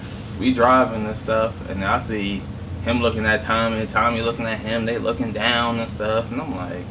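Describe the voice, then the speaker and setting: A relaxed young man telling his side of a story in easy slang. He keeps checking in with "you know what I mean". He sounds distant from the mic, with steady noise in the background. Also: fairly low pitch, moderate pace. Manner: laid-back, slangy, keeps asking "you know what I'm saying". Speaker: mukbang co-host. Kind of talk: casual storytelling.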